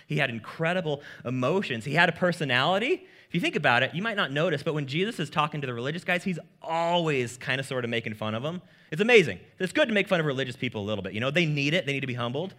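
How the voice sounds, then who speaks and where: Man, pastor, sermon, casual and joking, lively, bright. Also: on the high side, very fast, hardly any pauses.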